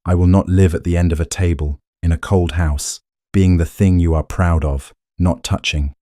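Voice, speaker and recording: A man voicing a steady, proud young countess who speaks firmly and plainly in an audiobook romance. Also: low-pitched, dry recording, clean studio sound, natural voice. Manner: firm, measured, plain-spoken. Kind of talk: audiobook character reading.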